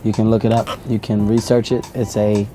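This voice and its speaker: Deadpan low-voiced man. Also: brisk, over music. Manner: deadpan, mock-scholarly. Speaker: interview guest. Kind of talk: deadpan mock-serious comedy interview.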